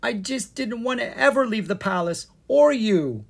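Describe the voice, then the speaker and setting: A fretful fairy mother pleads in a high, husky voice, her pitch swooping all over as she frets about losing her home, put on by the storybook narrator. She sounds tearful and urgent. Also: very animated, a little slow, exaggerated voice. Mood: pleading. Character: bossy fretful fairy mother, a palace housekeeper.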